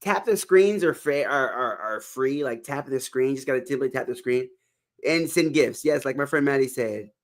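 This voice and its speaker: A man's voice: mid-range voice, expressive, moderate pace. A man from Texas hosting a casual livestream, upbeat and repeating calls to tap the screen. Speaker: livestream host.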